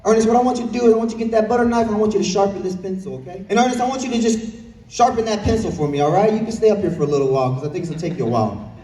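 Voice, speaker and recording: A man's voice: high voice, expressive, racing, warm tone. A young man preaching a sermon earnestly, with repeated phrases and questions to the congregation. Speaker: pastor. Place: church sanctuary. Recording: echoey church hall from far off.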